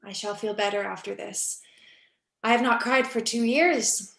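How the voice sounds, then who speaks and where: Woman reading a weary, gravelly young actress. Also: mid-range voice, a little slow. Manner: wistful, swings between hushed and urgent. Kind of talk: cold reading over video call. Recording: echoey room on a video call.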